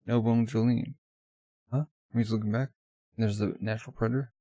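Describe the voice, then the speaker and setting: A man's voice: medium pitch, steady tone, normal speed, mellow, dry recording. A man casually reading a manga aloud in a loose, offhand way full of fillers. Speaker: manga reader.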